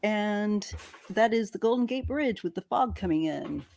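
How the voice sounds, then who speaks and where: A woman's voice: medium pitch, animated, a little slow, vocal fry, a little mellow. A woman in her fifties hosting a live-stream chat from home, talking casually and restarting her sentences often. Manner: chatty, trailing off and restarting. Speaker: tarot channel host.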